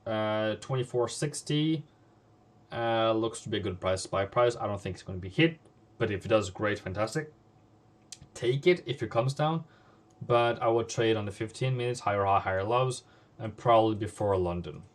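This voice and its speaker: A native Norwegian-speaking man hosts a live forex trading stream, his voice lowish and his pace moderate. He scolds bluntly and repeats phrases to drive his point home.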